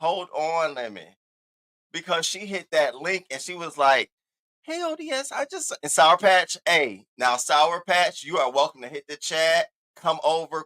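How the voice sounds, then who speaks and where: A man's voice: a little high, dry recording. A man hosting a livestream, chatting casually and animatedly with his viewers. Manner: animated, jumps into mock voices. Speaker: livestream host. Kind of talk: casual commentary.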